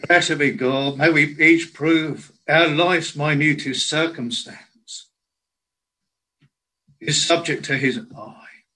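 A man preaching a sermon in a slow, earnest way, quoting scripture in old biblical language. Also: a little high, pushed and bright, low-quality recording.

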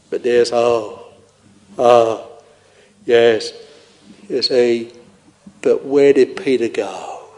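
Man preaching, slow tender intoning, flat low-ish voice, big hall echo. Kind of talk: sermon. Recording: long reverb of a large hall.

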